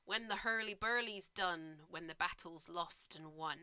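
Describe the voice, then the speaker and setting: The second of three ominous old witches in a play speaks in short, grim lines. A woman reads her plainly. The voice is bright and smooth, and the delivery is slow. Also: fairly low pitch, no echo. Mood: solemn.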